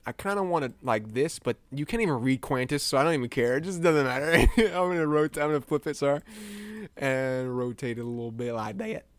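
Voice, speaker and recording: Young man, American, casual stream chatter, self-mocking, mid-pitched voice, dry close sound. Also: a little fast, no echo. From United States. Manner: rambling, self-mocking, laughs often. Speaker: streamer editing images live. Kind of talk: casual live-stream commentary.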